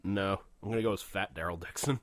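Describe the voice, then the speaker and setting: A man's voice: deep voice, quick pace, fairly bright tone, dry recording. A man co-hosting a podcast in casual, profane chat, rambling and laughing often. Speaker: podcast co-host.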